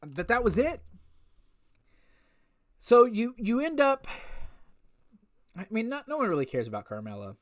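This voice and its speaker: Slow-talking woman venting in a casual review. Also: fairly high pitch, very animated. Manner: exasperated ranting with frequent swearing; repetitive restarts and rhetorical questions. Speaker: wrestling show reviewer.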